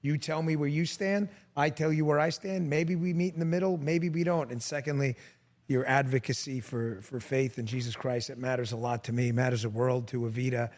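A man's voice: mid-range voice, steady tone, a little fast, darkish tone. A man hosting a podcast, speaking in a direct, emphatic way and repeating points for effect. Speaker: podcast host. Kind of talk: interview and show sign-off.

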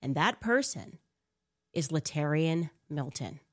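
A woman's voice: deep voice, animated, slow pace. A woman hosting a commentary show, talking in a sarcastic, mocking way and firing off rhetorical questions. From United States. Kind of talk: casual commentary monologue.

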